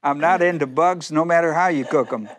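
A man's voice: a little high, a little fast. A man pastor preaching a sermon, acting out biblical speakers in first person with humor and frequent laughter.

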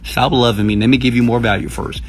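A man's voice: fast talker, faint music behind. A man walking viewers through a website on screen, pushing and hyped, checking in with "okay?" after almost every point. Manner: pitch jumps up sharply when excited. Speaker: online marketing mentor. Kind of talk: screen-share tutorial, live-stream style.

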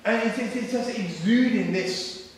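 With an unhurried, high voice, a middle-aged man speaks as a guest in a large school hall, spinning a joke-filled story and animatedly playing the people in it. The recording picks up a little hiss or hum and sounds distant and echoey.

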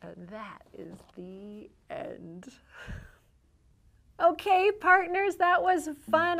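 Playful woman librarian, slow and high. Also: vocal fry, fairly bright tone, soft background music. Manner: cheerful, playful cowboy talk. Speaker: children's librarian. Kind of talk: children's storytime.

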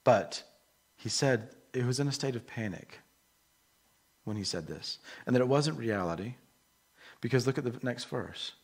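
A middle-aged man preaching a sermon in an earnest, emotional way, moving between soft and emphatic delivery. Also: mid-range voice, expressive, moderate pace, long pauses, slightly rough. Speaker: pastor.

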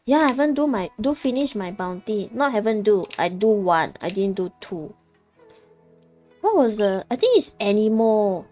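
A woman's voice: medium pitch, sing-song, moderate pace, dark tone, faint music behind. A young woman streaming a game, chatting casually in a playful, giggly way with squeals and silly sound effects.

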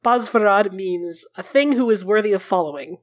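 A woman's voice: medium pitch, moderate pace. A woman running a tabletop role-playing game as game master, narrating expressively in a casual storytelling way.

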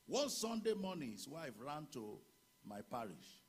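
A man with a Nigerian accent preaching a fervent sermon as pastor in a church, breaking into shouted declarations. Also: fairly high pitch, very animated, a little slow, husky.

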